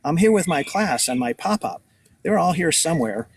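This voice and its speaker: A man's voice: a little high, animated, normal speed, voice pushed up. A man voicing a nervous schoolboy who stammers. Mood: curious. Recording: distant outdoor mic, birdsong noise.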